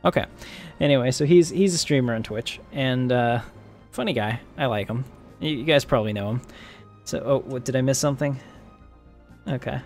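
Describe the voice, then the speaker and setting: A man streaming a strategy game live, talking casually in an average-pitched voice. He jokes and laughs often and thinks aloud as he plays. Faint game music plays underneath. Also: moderate pace, darkish tone.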